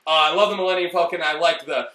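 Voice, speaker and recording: A man's voice: a little high, very fast, roomy sound, distant mic. Hoge, heldere man in een galmende kamer. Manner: animated, swearing, acts out lines in loud bursts. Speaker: movie reviewer. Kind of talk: casual review chat.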